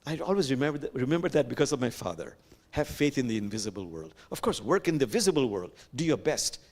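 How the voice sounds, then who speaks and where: Male imam, reflective sermon, slows down for sacred quotes, pitch rises and falls a lot, sanctuary service. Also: expressive. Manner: reflective, quotes sacred verses slowly and with emphasis; gentle, addresses the congregation directly.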